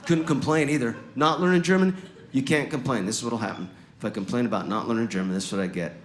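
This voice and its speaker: A man from Utah doing stand-up comedy on stage, sarcastic and animated, with wry asides. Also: mid-range voice, quick pace, echoey room, slight background noise. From Utah, USA. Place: comedy stage before a live audience.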